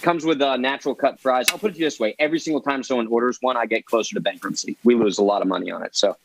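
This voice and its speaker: A man with a New Jersey accent talks a live audience through a recipe over a video call. He is breezy and salesy and talks up his own food. His pitch sits in an ordinary middle range. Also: racing, vocal fry, crowd noise, low-quality recording. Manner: breezy, salesy, self-promoting. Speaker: guest chef. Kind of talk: live cooking demonstration.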